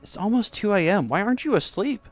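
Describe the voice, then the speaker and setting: A man's voice: high voice, lively intonation, fast talker, soft background music, pitched above the performer's own voice. A man voicing a young male graduate who speaks shaky but determined, in an audio romance story. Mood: earnest. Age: young adult.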